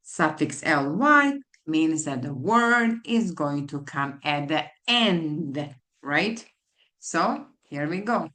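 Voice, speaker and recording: A woman tutor speaks with very slow, careful pacing and an animated, swooping pitch, slightly low in register. She spells out letters and repeats each word to a class of young children. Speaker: literacy tutor. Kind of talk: teaching a phonics lesson to children.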